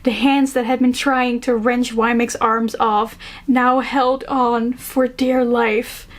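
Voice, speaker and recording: A woman's voice: a little high, level tone, slow. A woman reviewing books casually, reading excerpts aloud, gushing and self-mocking and often laughing. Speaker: book reviewer.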